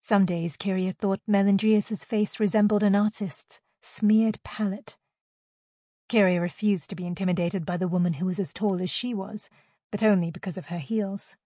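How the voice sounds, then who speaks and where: A woman reading a fantasy novel aloud as an audiobook narrator, in a steady, expressive reading. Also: mid-range voice, moderate pace, dry recording, studio quality.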